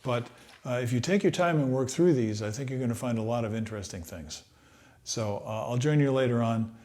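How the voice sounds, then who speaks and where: A middle-aged man talks through a trumpet lesson in an easy, reflective way. He speaks at a middling pitch and fills his pauses with small hesitations as he works out his thoughts. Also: darkish tone. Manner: thoughtful, unhurried, thinks aloud with many fillers. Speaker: trumpet teacher. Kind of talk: relaxed practice-room lesson.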